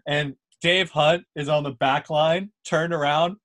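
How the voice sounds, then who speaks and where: A young man hosting a casual chat, telling a lively story and checking in with "right?" and "dude". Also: a little high, unhurried.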